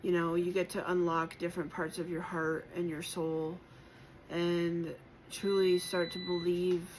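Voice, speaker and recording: A woman tarot reader with a slightly low voice, talking gently and encouragingly through a spiritual collective reading. She pauses often, circles back with fillers and lets emotion show. A faint hiss sits under the voice. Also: flat delivery, low-quality recording. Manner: emotional at times.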